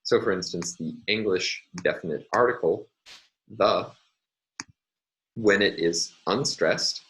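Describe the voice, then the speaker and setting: A man's voice: deep voice, slow, fairly bright tone, slight background noise, low-quality recording. A man lecturing on a university course, explaining steadily with frequent fillers.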